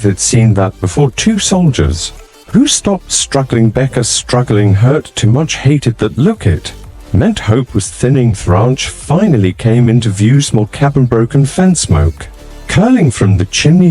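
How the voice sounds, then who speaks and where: A man's voice: medium pitch, mellow, husky. A man narrating a story in short, clipped fragments, with a terse, scripted delivery.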